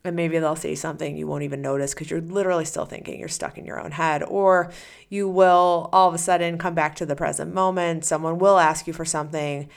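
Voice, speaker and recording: A woman's voice: deep voice, fairly even intonation, brisk, gravelly. A woman hosting a solo podcast as a coach, talking casually and animatedly, acting out the listener's inner voice.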